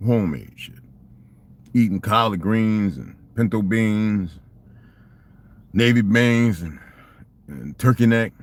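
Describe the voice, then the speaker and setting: Older guy, low voice, rambling profane stories, lots of rhetorical questions. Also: slight background noise. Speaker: vlogger. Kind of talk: rambling storytelling monologue.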